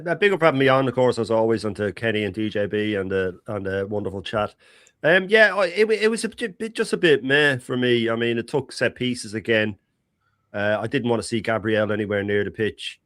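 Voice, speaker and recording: A man's voice: on the low side, fairly bright tone, no echo. Brief: male co-host, opinionated football pundit, close dry mic. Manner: opinionated, talks in long runs. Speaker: podcast co-host. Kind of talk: casual football chat.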